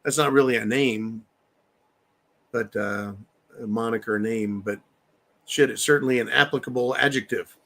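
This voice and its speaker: A man's voice: mid-range voice, normal speed, long pauses, a bit bright. A man hosting a live stream, reading viewer comments aloud and ranting in a profane, mocking way. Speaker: host reading viewer chat.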